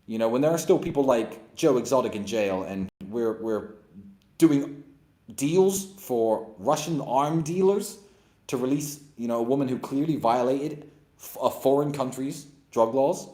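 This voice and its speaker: A man's voice: medium pitch, a little slow, dark tone. A man hosting an opinionated monologue and Q&A, blunt and sarcastic, with emphatic delivery. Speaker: host. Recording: roomy echo.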